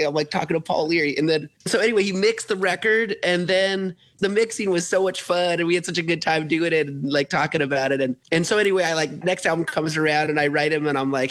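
A man with a fairly high voice tells studio stories in a loose, rambling way. He leans on "like" constantly and laughs often as he talks. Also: fairly even intonation, fast, few pauses. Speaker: musician guest. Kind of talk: casual interview storytelling.

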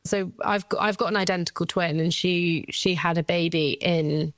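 A woman's voice: lowish voice, fairly even intonation, moderate pace, no room sound. A woman in her thirties, a guest mother speaking candidly about her daughter, at times tearful, with light laughs. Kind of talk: emotional personal interview.

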